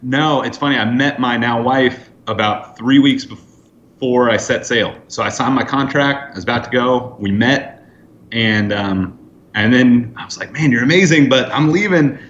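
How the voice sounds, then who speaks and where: A man's voice: medium pitch, unhurried, a little hiss or hum. Man, 30s, podcast guest, chatty storyteller, roomy lo-fi sound. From United States. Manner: lively anecdotes with acted-out quotes. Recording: roomy, slightly dull sound.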